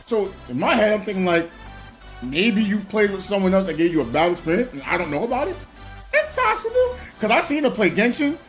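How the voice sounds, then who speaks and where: Lively high-voiced man telling game stories. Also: brisk, soft background music. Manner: animated storytelling with frequent laughs. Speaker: gaming streamer. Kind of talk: casual live-stream chat.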